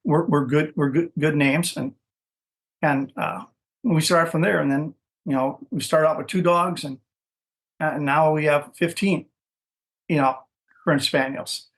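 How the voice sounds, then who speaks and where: A middle-aged man speaking as a guest on an interview podcast, with a voice pitched a little above most men's. He talks casually and loosely, stacking fillers and restarting his sentences as he tells his story. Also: fairly even intonation, a little slow, long pauses. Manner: rambling, many restarts and "you know" fillers. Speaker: dog breeder, podcast guest.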